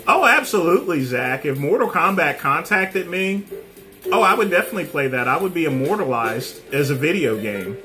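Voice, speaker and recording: A middle-aged man hosting a casual livestream, answering viewers' comments by name and pausing often on fillers. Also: fairly high pitch, big pitch swings, music in the background. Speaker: livestream host.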